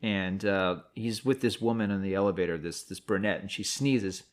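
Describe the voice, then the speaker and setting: A man with a low voice co-hosts a podcast, chatting casually at a moderate pace. Playfully, he invents comic alternative endings and what-if scenarios, acting out short quotes along the way.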